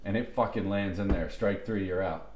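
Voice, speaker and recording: A man's voice: low voice, moderate pace, darkish tone, echoey room. A middle-aged man telling long, rambling, profane stories to friends on a podcast, with restarts and laughter. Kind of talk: casual storytelling among friends.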